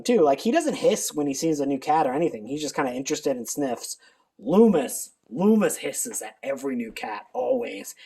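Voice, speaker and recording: A man's voice: mid-range voice, darkish tone. A man chatting casually in a rambling vlog, laughing often as he talks. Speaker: channel host. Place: at home.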